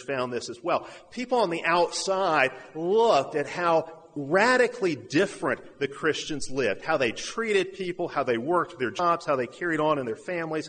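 A man's voice: fairly high pitch, fairly bright tone, long reverb tail. A man from the southern United States preaching a sermon, earnest, with rhetorical questions and repeated phrases.

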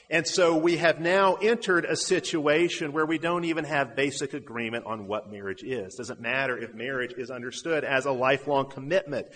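A man's voice: mid-range voice, fairly bright tone, big-room sound. A man from the southern United States preaching a sermon, earnest, with rhetorical questions and repeated phrases.

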